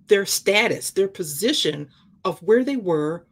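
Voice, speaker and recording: Female ministry co-host, expressive, bouncy intonation, at a middle pitch. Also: a little slow. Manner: animated, acts out the characters she describes. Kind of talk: conversational Bible discussion.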